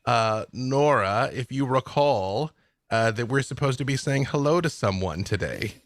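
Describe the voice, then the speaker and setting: Rich: A man running a tabletop game, narrating in a relaxed, chatty way. His delivery is loose, full of little fillers. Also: mid-range voice, measured pace, no room sound. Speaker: dungeon master.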